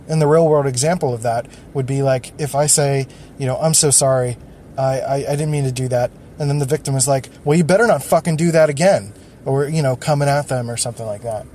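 A man's voice: mid-range voice, a little mellow, a little hiss or hum. A man hosting a solo podcast, thinking aloud in a loose, rambling way with frequent restarts. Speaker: podcast host.

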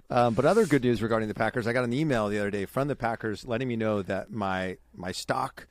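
A man's voice: mid-range voice, fairly quick. A young man co-hosting a casual podcast, chatty and giggly with lots of ums. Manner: chatty, giggly, many fillers. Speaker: podcast co-host.

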